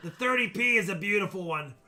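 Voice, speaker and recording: A man hosting a live coin auction stream, chatty and excitable, joking as he shows coins. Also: sits high, quick pace, slight background noise. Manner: chatty, excitable, jokes while showing coins. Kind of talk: casual live auction chat.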